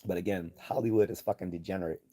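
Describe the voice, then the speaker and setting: A man's voice: low-pitched, steady tone, fast, dark tone. A man hosting a livestream, giving blunt, profane, rambling commentary and reading chat messages aloud. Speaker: livestream host.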